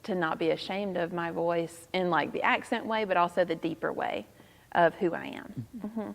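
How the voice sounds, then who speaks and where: A woman in her thirties with a Southern accent, a pastor answering interview questions in a soft-spoken, thoughtful way with frequent laughter. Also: fairly low pitch, normal speed, vocal fry, in a large hall. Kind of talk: casual interview.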